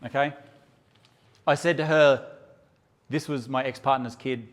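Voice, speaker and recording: A man's voice: medium pitch, steady tone, measured pace. A man teaching a live workshop session, brash and joking and swearing freely as he addresses the audience. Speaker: photography workshop presenter.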